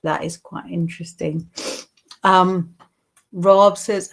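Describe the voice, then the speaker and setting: A woman hosting a live tarot stream, talking through the cards at an unhurried pace with frequent ums and reading viewers' comments aloud. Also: fairly low pitch, vocal fry. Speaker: psychic and tarot host.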